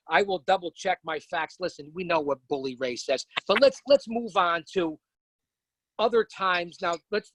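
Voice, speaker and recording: A man's voice: on the high side, a bit bright, dry recording, rough recording. A man hosting a podcast, asking questions in a hyped-up, theatrical way. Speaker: podcast host, interviewer. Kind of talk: casual podcast interview.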